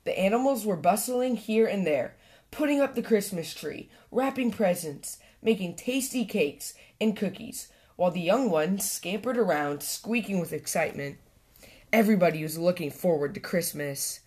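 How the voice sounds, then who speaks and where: A woman hosting a storytime channel, reading a children's picture book aloud with gentle expression. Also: mid-range voice, animated, moderate pace. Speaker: storytime host and reader.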